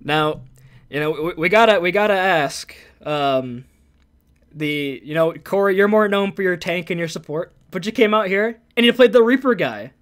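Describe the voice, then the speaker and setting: Male esports caster, very high and bright, excitable play-by-play, shouts on the big moments. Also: normal speed. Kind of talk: play-by-play commentary.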